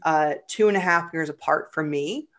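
A woman guest telling a personal story in conversation, halting and repeating words, then growing lively as the story goes on. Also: low voice.

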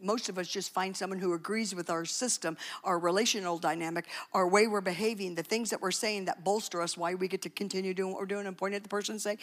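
A woman's voice: mid-range voice, fast talker. A woman preaching a sermon in a conversational, emphatic way, with joking asides. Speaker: speaker at a church talk.

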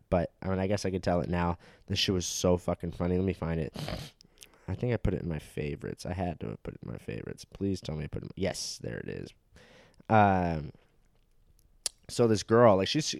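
A man's voice: lowish voice, dry recording, clean studio sound. A young man hosting a casual solo podcast, rambling crudely with lots of swearing and filler words.

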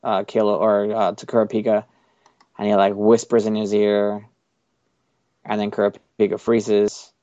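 A man's voice: on the low side, monotone, a little slow, warm tone, no room sound, muffled recording. A man co-hosting a podcast in casual chat, rambling with many fillers and restarts. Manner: rambling, lots of likes and restarts. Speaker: podcast co-host.

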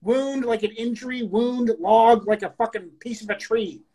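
A woman co-hosting a loose, casual podcast, her voice sitting a little high. She talks bluntly and swears often, and slows right down when she reads poetry aloud. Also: dark tone, rough recording. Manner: crude, blunt, profane talk; reads poems aloud slowly. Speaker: podcast co-host. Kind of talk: casual chat.

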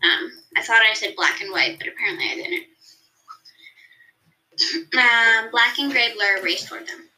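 A woman's voice: on the high side, moderate pace, pauses often, pushed and bright, poor audio. A woman co-hosting a podcast who reads her own story aloud in a chatty way and stops to correct herself. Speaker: podcast co-host and story reader.

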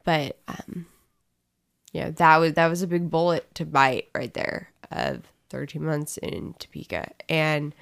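A woman's voice: deep voice, expressive, measured pace, vocal fry. A woman talking candidly in a casual testimony chat, rambling and emotional as she tells her story. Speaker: co-host sharing her story.

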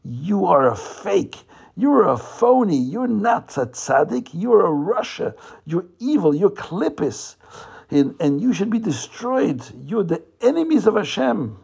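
A man's voice: mid-range voice, measured pace, gravelly, a little mellow, slightly rough. A man voicing a fearless, righteous male ritual slaughterer in a told story, fiercely denouncing his foes in a raised voice.

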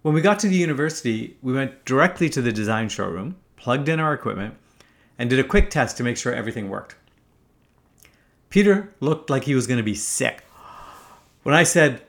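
A man's voice: on the high side, big pitch swings, a little fast. A man in his fifties from Canada, telling a first-person story in a wry, casual way, swearing freely. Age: 50s.

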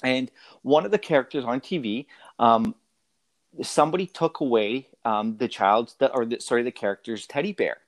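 A man's voice: medium pitch, moderate pace, no echo. A man in his thirties, a father talking in a casual interview, hesitant and full of fillers and restarts.

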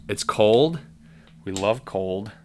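A man's voice: on the low side, dark tone, a little hiss or hum. A man hosting a casual solo podcast, rambling enthusiastically with many fillers and restarts. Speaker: podcast host.

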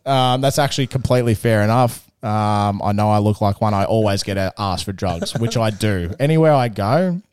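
Laid-back Australian bloke spinning a yarn. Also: male voice, fairly low pitch, normal speed, few pauses, a little mellow, smooth, no room sound, clean studio sound. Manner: rambling, laid-back, swears freely. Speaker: podcast co-host. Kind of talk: casual storytelling chat.

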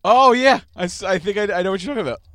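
A man's voice: high-pitched, very fast, a bit bright, no echo. A man in casual banter, joking and teasing sarcastically.

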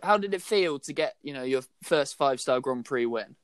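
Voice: medium pitch, animated, normal speed, clear, resonant tone, dry recording. A podcast host asking a guest long, friendly questions full of fillers. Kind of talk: interview questions.

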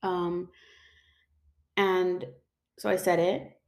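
A young woman with a slightly low voice tells her own story off the cuff. She rambles, leans on "like" and "um", and swears casually as she goes. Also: little pitch movement, extremely slow, darkish tone. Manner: rambling, filler-heavy, swears freely.

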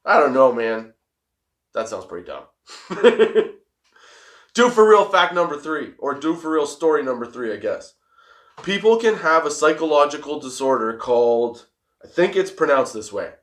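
Hosting a laid-back stoner conversation, this young man meanders along, laughing frequently and swearing openly. Being high gives his speech an easy drift, though he keeps a normal pace, stays very animated, and sounds fairly bright.

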